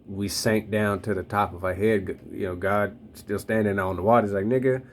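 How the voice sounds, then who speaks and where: With a lowish voice, little pitch movement and a slightly fast pace, a man in his thirties rambles casually about faith. He uses slang freely and speaks directly to his listeners.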